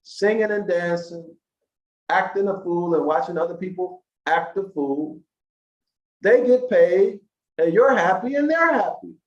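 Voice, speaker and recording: Slow and emphatic, this slightly high-voiced man lectures people watching online, rising into preachy questions to his listeners. He sounds dull and lo-fi, surrounded by a ringing, echoey room.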